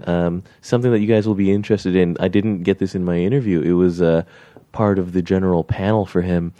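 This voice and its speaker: Man, low voice, mellow tone, dry close mic, casual storytelling host. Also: fairly even intonation, brisk, dry recording, lo-fi sound. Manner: storytelling, laughs often. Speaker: podcast host. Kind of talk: casual chat.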